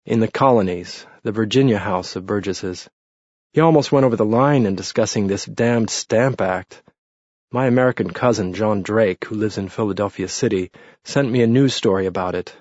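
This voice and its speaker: A man's voice: fairly low pitch, normal speed, a little mellow, dry recording, close to an everyday voice. A man voicing a bitter, witty redheaded Englishman who talks dryly and mournfully. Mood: sardonic. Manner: dry, mournful, sardonic. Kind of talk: audiobook character reading. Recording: muffled lo-fi recording.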